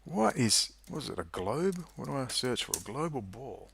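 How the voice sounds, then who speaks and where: Gravelly, emphatic man ranting. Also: medium pitch, very animated, moderate pace, a bit bright. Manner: rambling, emphatic and indignant. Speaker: political commentator. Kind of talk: monologue to camera.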